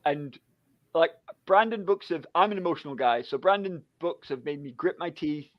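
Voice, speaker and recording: Excitable guy gushing about a book, kinda high voice, dull lo-fi call audio, dry. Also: normal speed, no echo. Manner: animated, laughing storyteller who acts out quotes. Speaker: book club co-host. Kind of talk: casual book chat.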